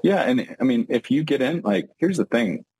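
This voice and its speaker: A man hosting a podcast interview, a financial advisor talking animatedly and acting out quick examples. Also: mid-range voice, breathy edge, no room sound, poor audio. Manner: animated, talks in quick bursts with acted-out examples.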